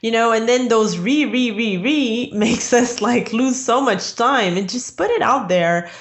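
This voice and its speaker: A woman's voice: on the high side, a little slow. A woman guest on an interview podcast, talking about business in a chatty way with many fillers and frequent laughs. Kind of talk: casual interview chat.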